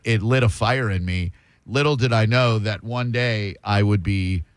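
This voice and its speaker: A man's voice: fairly low pitch, no room sound. A man hosting a radio show, telling rambling, self-mocking stories in casual talk from a studio.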